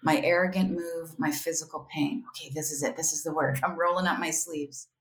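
Speaking a little fast in a low register, a woman appears as a podcast guest, candid, reflective and animated, often quoting her own inner voice. It's a casual interview conversation, and the recording has a roomy echo.

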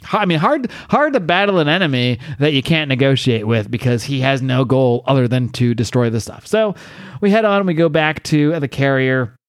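A man's voice: medium pitch, normal speed, no room sound, studio quality. Rambling male podcast host. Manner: rambling, filler-heavy, animated asides. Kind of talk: casual comic book recap.

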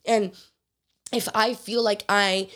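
A woman hosting a casual solo podcast, hoarse and raspy from being sick, talking in an earnest, open way with lots of casual fillers. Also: mid-range voice, fairly even intonation, slow pace, a bit bright. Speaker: podcast host.

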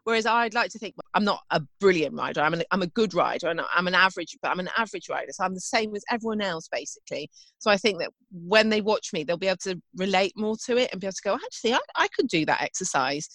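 A woman's voice: medium pitch, fast talker, fairly bright tone, no room sound. A woman, co-hosting a casual chat and telling stories in a chatty, self-deprecating way. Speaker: podcast co-host and event rider.

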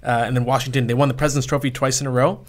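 A man's voice: mid-range voice, level tone. Opinionated man in his thirties talking hockey. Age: 30s. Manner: opinionated, quick self-corrections. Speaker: podcast co-host. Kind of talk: casual sports talk.

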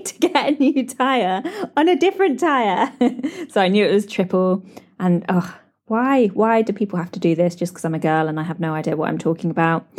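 A British woman hosting a podcast, telling animated stories with lots of laughs. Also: lowish voice. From Britain. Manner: animated storytelling with frequent laughs and "like". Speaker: podcast host. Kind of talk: chatty solo podcast catch-up.

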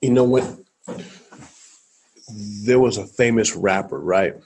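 A man from Ohio, a former football player, telling stories as an interview guest, animated and addressing listeners directly. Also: fairly low pitch, slow pace, breathy edge, poor audio. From Columbus, Ohio, USA. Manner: animated storyteller, acts out quotes, talks to the listener. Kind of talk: storytelling in a podcast interview.

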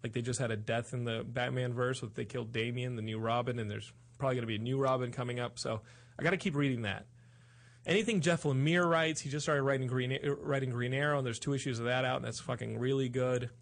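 A man hosting a podcast in casual chat, rambling and excitable. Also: mid-range voice, quick pace, vocal fry. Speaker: podcast host.

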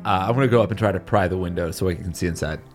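A man playing a tabletop game, wry and quick to laugh. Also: low-pitched. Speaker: player.

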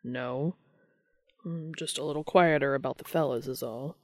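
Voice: medium pitch, steady tone, moderate pace, dry recording, clean studio sound, close to an everyday voice. A reader voicing a cocky adult man who talks casually and teases, in a fan fiction audiobook reading. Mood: teasing. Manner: casual and teasing. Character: cocky, joking adult male hunter.

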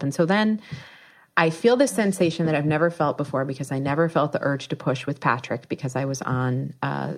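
A woman in her thirties telling a personal story in a casual, animated way, acting out the lines she quotes. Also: low-pitched, a little fast. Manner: animated, acts out quoted speech.

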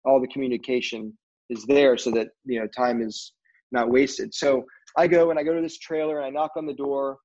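A man's voice: medium pitch, little pitch movement, fairly quick, a little mellow. A middle-aged man from film crews, casually telling a rambling story full of "you know" fillers. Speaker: film crew guest. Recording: dull lo-fi recording.

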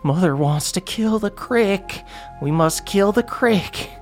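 Man as crude fungal monster, high eerie chanting, faint music under it. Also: expressive, takes it slowly, darkish tone, full character voice. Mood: menacing.

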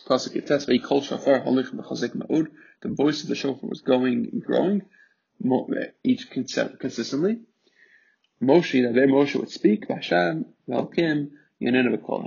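A gravelly-voiced man with a warm tone and medium pitch teaches a Torah text, translating the Hebrew line by line. He reads each Hebrew passage and then explains it in English, with fillers and restarts, in a muffled lo-fi recording.

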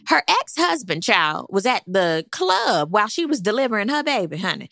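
A bright, sharp-voiced woman, recapping reality TV drama with wildly swooping pitch and a gravelly edge. Her talk is sassy and gossipy, full of laughing asides. The sound is close and dry. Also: big pitch swings, moderate pace, hardly any pauses, no room sound. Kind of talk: casual recap commentary.

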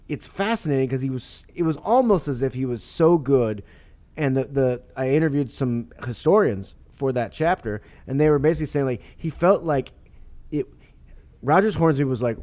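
A man telling stories as an author guest on a podcast, animated and rambling, with frequent laughs and restarts. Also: mid-range voice. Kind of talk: podcast interview storytelling.

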